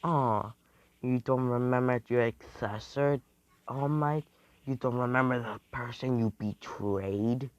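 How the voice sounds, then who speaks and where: A man's voice: medium pitch, fairly even intonation, slow pace, no room sound, lo-fi sound, lightly acted. Man doing a smug, vengeful demon-hero. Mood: taunting. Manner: taunting, smug. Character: vengeful immortal young man, betrayed hero turned demon.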